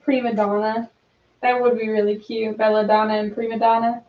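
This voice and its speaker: Woman co-host, slightly high voice, casual chat with ums, recorded from across an echoey room on a dull mic. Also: level tone, brisk. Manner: reads news headlines aloud with hesitant ums. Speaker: livestream co-host. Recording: distant, roomy, dull-sounding.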